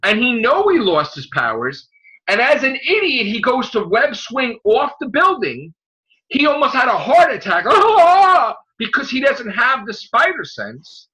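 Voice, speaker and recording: A man hosting a casual podcast, ranting excitedly and swearing a lot. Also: extremely high pitch, normal speed, low-quality recording. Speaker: show host.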